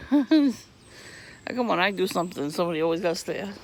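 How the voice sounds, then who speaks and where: A man ranting casually outdoors on a residential street, profane and irritated, coughing and clearing his throat from asthma while he laughs often. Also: high-pitched, fairly quick, a little hiss or hum. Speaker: vlogger. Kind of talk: rambling casual monologue.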